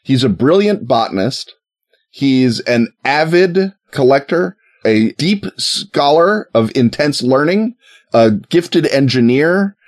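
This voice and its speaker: A man's voice: mid-range voice, expressive, slow pace. Sarcastic man telling history. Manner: sarcastic, jokey storytelling with mock voices. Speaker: podcast co-host. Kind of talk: casual comedic history chat.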